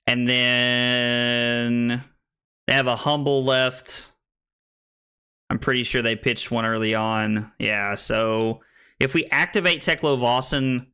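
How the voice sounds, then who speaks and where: A man's voice: mid-range voice, fairly even intonation, slow, sharp tone, smooth. A young American man casually commenting on his card game stream, thinking aloud with many restarts. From United States.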